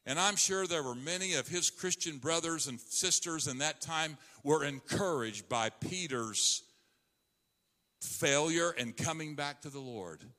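A man preaching a sermon as a pastor, swinging between loud emphasis and hushed asides. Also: mid-range voice, in a large hall.

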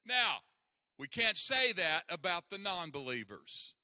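High-voiced, bright pastor preaching slowly. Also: male voice, big pitch swings, no echo, clean studio sound. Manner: dramatic swings from loud to hushed; breaks into hymn lines. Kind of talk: sermon.

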